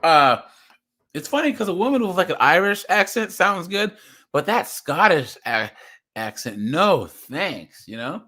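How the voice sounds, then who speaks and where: Bright, animated man chatting casually. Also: sits high, normal speed, slight background noise. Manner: animated, laughing, rambling. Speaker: host. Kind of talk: casual reaction chat.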